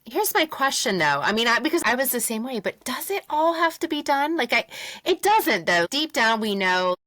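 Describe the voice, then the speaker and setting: A woman in her thirties, a teacher and podcast co-host, chatting casually in an expressive, reassuring way. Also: sits high, moderate pace, no echo. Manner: expressive, reassuring, laughs easily. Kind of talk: casual chat.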